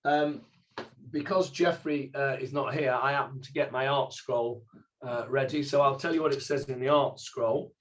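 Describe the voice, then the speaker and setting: A man's voice: medium pitch, steady tone, moderate pace, fairly bright tone, slight background noise. A middle-aged man, a rabbi teaching an informal Bible class, who explains Hebrew words step by step and asks the class questions. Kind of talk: informal text study class.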